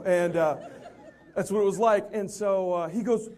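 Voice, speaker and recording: A man's voice: high-pitched, normal speed, warm tone. A man giving a motivational talk, telling a self-deprecating funny story with lots of animation. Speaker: motivational speaker.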